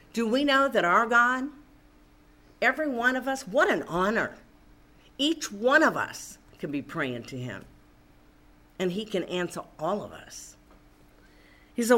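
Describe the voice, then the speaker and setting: A woman's voice: on the low side, very animated, moderate pace, pushed and bright. A woman preaching a sermon, reading scripture aloud and commenting with rising emphasis.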